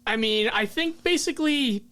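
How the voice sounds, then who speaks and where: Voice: sits high, lively intonation, normal speed, fairly bright tone, clear, resonant tone. A podcast guest talking casually about a film, rambling with restarts and acting out lines from scenes. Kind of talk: casual movie discussion.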